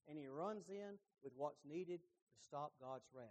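A middle-aged man preaching a sermon, telling the story with lively emphasis and folksy asides. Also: a little high, measured pace, few pauses.

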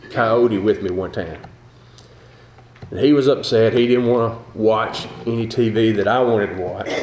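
A man's voice: medium pitch, darkish tone, a little hiss or hum. An older man preaching a sermon in a folksy, conversational way, asking his listeners rhetorical questions. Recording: echoey room.

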